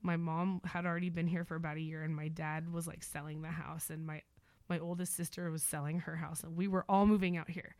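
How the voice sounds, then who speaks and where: A woman's voice: low voice, level tone, brisk, a little mellow, dry recording. Chatty woman in her thirties, dry close sound. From Oklahoma, US. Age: 30s. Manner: rambling, storytelling, frequent fillers. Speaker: guest. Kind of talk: casual conversational interview.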